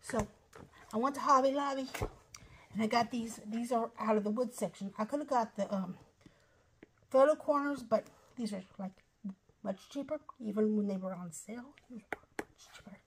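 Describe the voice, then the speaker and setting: A woman's voice: on the high side, normal speed, pauses often, a little hiss or hum. A middle-aged woman from Ohio gives a casual, rambling show-and-tell of her craft project, with apologetic asides. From Ohio, USA. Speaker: craft vlogger.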